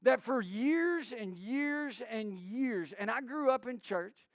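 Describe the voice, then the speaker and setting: A man's voice: very high voice, lively intonation, slow pace, no room sound. A middle-aged man preaching a sermon, telling stories with many restarts and acted-out quotes. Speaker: pastor.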